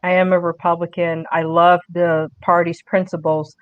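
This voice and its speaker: A woman's voice: lowish voice, little pitch movement, normal speed, clear, resonant tone, no room sound. A woman guest on a political podcast, talking earnestly in casual conversation and often repeating words as she restarts. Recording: muffled dry audio.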